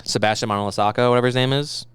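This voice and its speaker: A man's voice: medium pitch, steady tone, fairly bright tone, clean tone, no room sound. A man in his thirties co-hosting a podcast, bantering casually and jumping into goofy impressions. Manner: jokey, quick to break into goofy impressions. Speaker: podcast co-host.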